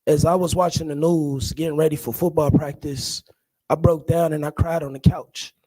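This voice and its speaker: A man in his thirties, an activist, giving an emotional public speech, halting and full of hesitations. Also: a little high, fairly even intonation, warm tone, no echo, rough recording.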